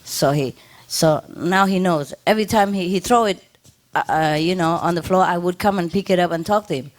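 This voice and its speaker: A woman's voice: on the low side, a little fast. A woman speaking informally to a gathering as a spiritual teacher, laughing often, with simple, loosely built sentences. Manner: laughs often, simple non-native English phrasing. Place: ashram gathering.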